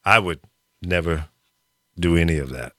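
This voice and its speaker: A man's voice: sits low, normal speed, fairly bright tone, dry recording, studio quality. A man in his sixties hosting a radio talk show, bantering casually and cautiously, laughing along. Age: 60s.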